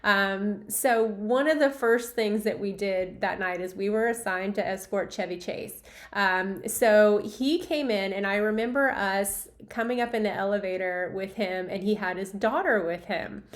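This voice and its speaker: A woman's voice: medium pitch, fairly even intonation, a little slow, hardly any pauses. A woman in her forties casually telling a personal memory over photos, chatty with lots of fillers and acted-out dialogue. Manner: chatty, many fillers, acts out remembered dialogue. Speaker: former arena event staffer telling a memory.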